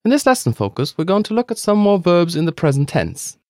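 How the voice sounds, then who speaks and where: A man's voice: high-pitched, very animated, brisk, a little mellow, no echo, clean studio sound, faint music behind. A man co-hosting a scripted language lesson, upbeat and encouraging toward listeners.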